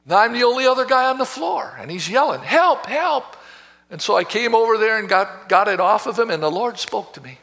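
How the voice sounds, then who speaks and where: Impassioned high-voiced male pastor. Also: lively intonation, fast, gravelly, few pauses. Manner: impassioned storytelling, swings from hushed to loud. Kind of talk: sermon. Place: church sanctuary. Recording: reverberant church hall.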